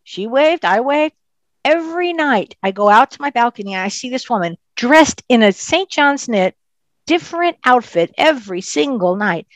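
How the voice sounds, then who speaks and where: Animated woman telling a story, dry close sound. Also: a little high, normal speed, no echo. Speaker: psychic medium guest. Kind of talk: casual storytelling in an interview.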